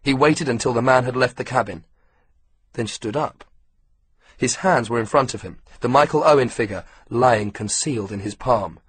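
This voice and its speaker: Husky guy narrating an audiobook, calm steady reading. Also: mid-range voice. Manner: steady, measured storytelling. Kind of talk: scripted narration.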